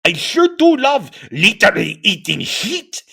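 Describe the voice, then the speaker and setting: A gleefully creepy professor with a thick German accent, as a man puts him on. His voice sits high and bouncy, with broad, theatrical vowels. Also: sing-song, unhurried, vocal fry, bright, forceful tone, breathy edge, exaggerated voice. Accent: German (put on).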